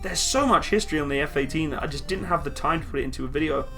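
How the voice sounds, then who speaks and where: A man's voice: on the high side, racing, sharp tone, faint music behind. A man hosting a casual live stream from a room at home, reading viewer comments aloud and answering them upbeat.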